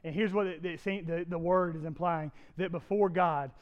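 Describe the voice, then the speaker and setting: A man preaching a sermon as pastor, emphatic, often climbing loud and high and repeating words for effect. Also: fairly even intonation, moderate pace, lo-fi sound.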